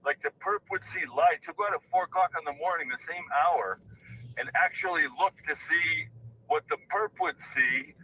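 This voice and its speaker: A man calling in from the desert, out of breath while walking, rambling with many fillers. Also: on the high side. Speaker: volunteer searcher calling in. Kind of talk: casual phone call. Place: outdoors in the desert. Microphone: phone call. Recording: distant, noisy phone line.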